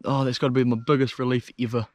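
A young man with a New Zealand accent filming himself on a steep hillside outdoors, talking bluntly and excitably, with plenty of swearing, into a handheld action camera. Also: medium pitch, quick pace, no room sound. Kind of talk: casual self-filmed commentary.

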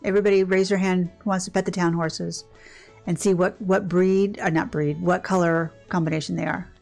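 An older woman with a gravelly, creaky voice talks casually over gameplay. She rambles along, cutting herself off mid-thought and starting over. Soft music plays faintly behind her. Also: fairly low pitch, level tone, fairly quick. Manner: chatty, rambling, self-interrupting. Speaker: gaming channel host.

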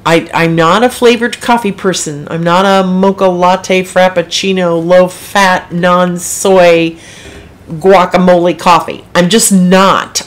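Chatty, frank middle-aged woman. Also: on the low side. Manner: chatty, frank, rambling asides. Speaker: author hosting a live broadcast. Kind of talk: casual livestream chat.

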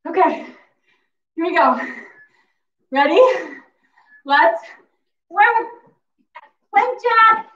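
A woman fitness instructor coaches a workout class in a gym, out of breath as she calls cues and cheers with whoops. Her very high, fairly bright voice has lively intonation but moves very slowly, with long pauses. The recording is echoey and distant, with a dull sound.

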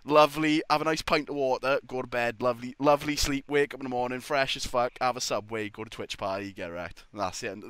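A man's voice: medium pitch, fast talker, few pauses, a bit bright, clear, resonant tone, dry recording. A young man telling a rambling, sweary story in casual chat, often laughing as he goes. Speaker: podcast guest.

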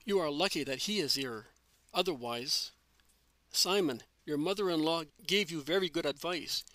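A man reading as a calm, patient spiritual teacher. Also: fairly high pitch, moderate pace, dry recording, rough recording. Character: calm, gentle adult male teacher and healer.

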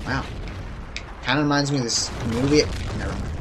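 A young man giving casual, jokey gameplay commentary who yelps and shouts when something startles him. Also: medium pitch, brisk, noisy background. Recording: loud game gunfire behind voice. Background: gunfire and explosions from the game.

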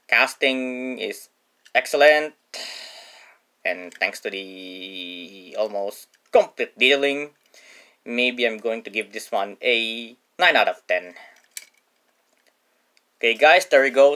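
A man's voice: mid-range voice, fairly bright tone. A man hosting a casual toy car review, upbeat and prone to correcting himself mid-sentence. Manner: enthusiastic, repeats "or should I say" self-corrections.

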